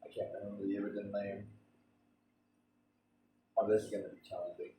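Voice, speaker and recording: A man's voice: lowish voice, level tone, a little fast, mellow, reverberant, recorded from a distance, a little hiss or hum, low-quality recording. A man streaming a game, chatting in a rambling way with frequent restarts and stammers. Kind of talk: casual rambling chat during a game stream.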